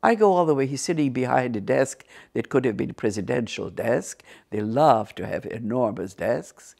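An older woman speaks English. Her voice is gravelly and full of fry. She tells her testimony in an animated way and acts out the voices of the people in her stories. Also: a bass voice, normal speed. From Ukraine. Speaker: interview guest. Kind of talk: personal testimony storytelling.

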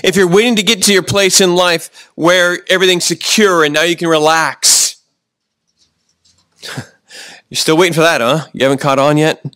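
A pastor preaching a sermon, often slowing down for emphasis and restarting his sentences. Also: fairly high pitch, fairly even intonation, pushed and bright, no echo. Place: church.

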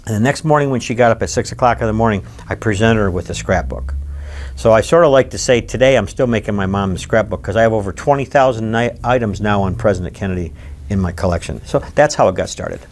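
A man in his sixties from Michigan, recalling his childhood in an oral history interview with animated, emphatic storytelling. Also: on the low side, fast talker, slight background noise. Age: 60s.

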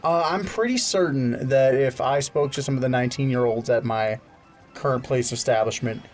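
A man's voice: mid-range voice, a little fast, faint music behind. A man co-hosting a casual let's-play, making wry jokes about how badly he is doing. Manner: wry, joking commentary on his own losing. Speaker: gaming channel co-host.

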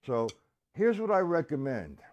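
A man giving a casual live-stream drum lesson, chatting with viewers by name and counting beats out loud. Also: fairly high pitch, very animated, unhurried, dull audio. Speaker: drum teacher.

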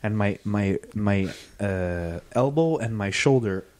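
A man's voice: on the low side, lively intonation, slow, darkish tone. A man co-hosting a podcast, chatting casually and telling a rambling story full of restarts and fillers. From Canada. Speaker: podcast co-host. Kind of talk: casual chat.

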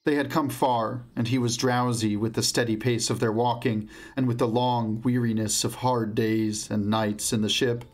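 A man reads a fantasy novel as an audiobook narrator, keeping a measured pace and slowing for tense moments. His mid-range voice stays fairly even in intonation, recorded on an omnidirectional mic.

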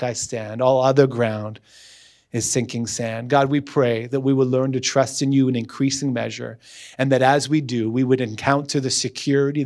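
A man's voice: mid-range voice, darkish tone. A man as a guest pastor, preaching earnestly with repeated emphatic phrases, then leading a closing prayer.

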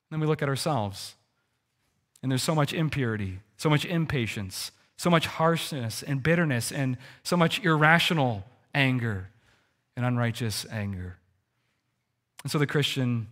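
A man preaches to his congregation in a fairly high voice. His delivery is earnest and swings between loud, lifted emphasis and hushed, low passages, and he often repeats words as he builds a point. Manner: earnest preaching with wide swings in pitch and loudness; repeats words and restarts phrases. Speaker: pastor. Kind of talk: sermon.

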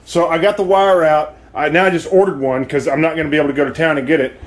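A man's voice: on the high side, steady tone, quick pace, low-quality recording. A man filming a casual vlog at home, rambling and swearing as he talks to the viewer. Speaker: vlogger. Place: at home, indoors.

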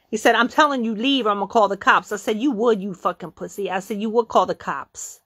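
A middle-aged woman telling a story in a casual, profane way, acting out the quotes with sudden jumps in pitch. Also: expressive, fairly quick, a bit bright.

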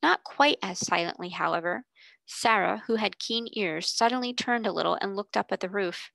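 A woman reading a children's novel aloud, steady and gentle. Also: mid-range voice, moderate pace, gravelly, no room sound, poor audio. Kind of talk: audiobook read-aloud narration.

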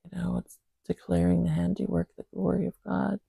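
A speaker with a husky morning voice, gently reading scripture and praying in a slow, reflective way. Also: mid-range voice, flat delivery, dry recording. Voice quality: gravelly, husky. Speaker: Bible reader and host.

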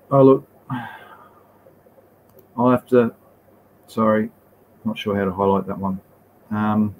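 A man's voice: medium pitch, a little mellow, dull audio, slight background noise. Laid-back Australian man hosting a stream. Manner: laid-back and rambling, with slang and mild swearing. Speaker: livestream host answering chat questions. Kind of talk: casual live Q&A.

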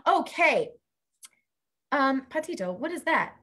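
A woman's voice: high voice, very animated, slow pace, sharp tone. A woman teaching a playful lesson for kids on a livestream, exclaiming and coaxing the children along.

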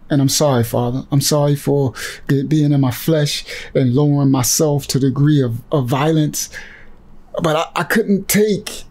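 A man's voice: a little high, a little mellow. A man leading a ministry, giving impassioned religious commentary on a clip he has just watched, agitated and emotional as he preaches. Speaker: ministry leader reacting to a video clip.

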